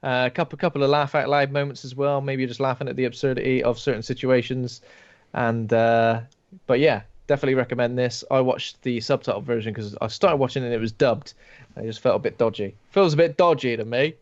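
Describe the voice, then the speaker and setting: A man co-hosting a casual horror podcast, chatting in a relaxed way about films he watched. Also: medium pitch, a little fast, muffled recording. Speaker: podcast co-host. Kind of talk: casual chat.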